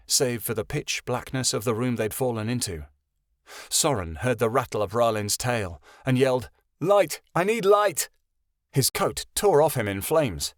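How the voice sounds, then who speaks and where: A man narrating a fantasy audiobook in a steady storytelling voice. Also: mid-range voice, no room sound, clean studio sound. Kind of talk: scripted narration.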